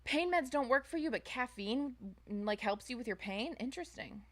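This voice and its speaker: A woman's voice: animated, moderate pace. A young woman streamer chatting casually with her viewers at home, rambling with fillers and restarts. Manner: high baby-talk voice to her pets. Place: home, indoors.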